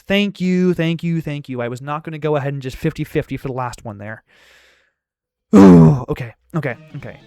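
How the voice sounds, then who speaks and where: A man's voice: fairly high pitch, warm tone. A man giving let's-play commentary on a puzzle game, talking to the game and repeating short phrases. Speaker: gaming YouTuber.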